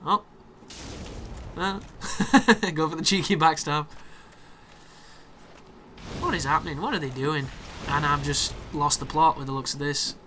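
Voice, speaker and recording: A young man commentating on his own gameplay, excitable and sweary, with sarcastic asides. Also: a little high, unhurried, pauses often, slight background noise. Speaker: gaming commentator.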